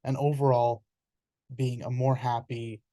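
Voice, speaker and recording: A man explains a topic in an informal presentation, speaking earnestly and conversationally and catching himself mid-word now and then. His voice is warm and mellow, with a middling pitch. The sound is close and dry, with no room around it. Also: flat delivery, unhurried, no echo.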